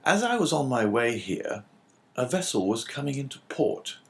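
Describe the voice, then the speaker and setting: A cool, composed stranger asks careful questions in a measured, quiet way, as a male audiobook reader puts him on. He is restrained and polite, never raising his voice. A classic storybook reading. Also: medium pitch, sing-song, pitched above the performer's own voice. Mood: probing. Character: calm, composed English stranger, middle-aged man.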